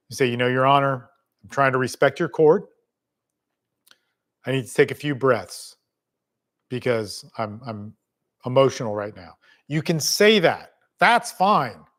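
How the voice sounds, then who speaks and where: A man's voice: medium pitch, a bit bright. A middle-aged man coaching people on family court in a blunt, casual spoken lesson, swearing freely and talking straight to the listener.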